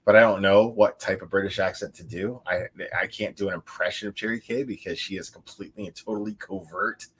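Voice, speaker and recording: A man's voice: sits low, animated, a little fast, creaky, hardly any pauses, fairly bright tone, slight background noise. A man hosting a livestream, chatting casually and a little tipsy, rambling with lots of restarts, laughs and swearing. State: tipsy from drinking. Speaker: livestream host.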